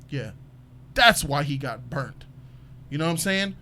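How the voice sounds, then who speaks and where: A man hosting a casual panel talk show about a TV episode, talking in an emphatic, animated way. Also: fairly high pitch, unhurried, pauses often, slight background noise. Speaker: show host.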